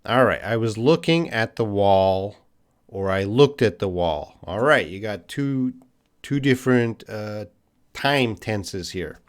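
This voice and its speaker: A Canadian-accented man teaching English on a live stream, reading viewers' questions and answering off the cuff. His voice sits fairly low, and he talks in loose, conversational bursts, with fillers and restarts as he works through each answer. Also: lively intonation, slow. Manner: thinking aloud, many fillers and restarts, conversational.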